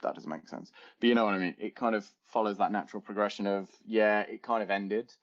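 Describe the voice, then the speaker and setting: A young man with a lowish voice chats his way through a podcast, rambling and laughing as he goes. The recording is dull and lo-fi, like a home setup. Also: fairly even intonation, fast. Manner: rambling, laughs often, chatty. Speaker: podcast co-host. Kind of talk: casual chat.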